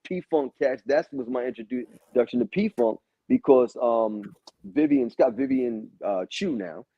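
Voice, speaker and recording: A man's voice: mid-range voice, expressive, unhurried, breathy edge, dry recording. A man guest on a podcast interview, telling stories in a laid-back, casual way, swearing and acting out what people said. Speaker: guest musician. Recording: dull lo-fi audio.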